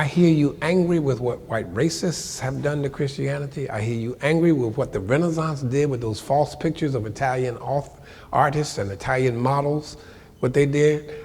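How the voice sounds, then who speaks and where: Older guy telling a story to a crowd, does all the voices, casual slangy talk, big hall echo, faint rumble. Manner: animated storyteller, acts out voices, colloquial, laughs along. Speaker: guest speaker telling his life story. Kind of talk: storytelling talk to a live audience. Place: lecture hall before an audience.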